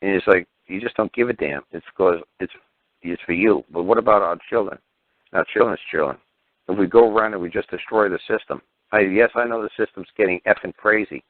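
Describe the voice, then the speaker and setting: Low-voiced man, blunt and profane. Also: a little fast, dry recording. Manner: repetitive, stammering restarts. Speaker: radio talk show host. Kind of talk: talk radio monologue. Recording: tinny phone-line radio audio.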